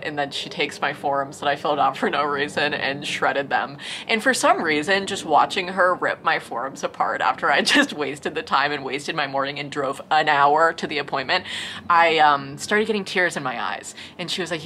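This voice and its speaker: A young woman vlogger chatting through a storytime, her voice pitched low yet bright and forward. She talks fast and loose, peppering her sentences with "like" and "you know", over a faint hum of room noise. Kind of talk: casual storytime.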